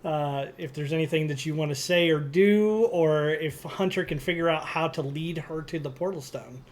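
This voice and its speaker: A man's voice: on the high side, moderate pace. A man running a tabletop game as game master, with a hesitant manner full of fillers and restarts.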